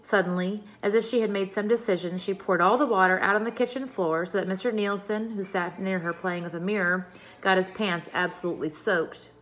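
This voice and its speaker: A woman teacher reading a chapter book aloud to her class, expressive and engaging. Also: medium pitch, brisk.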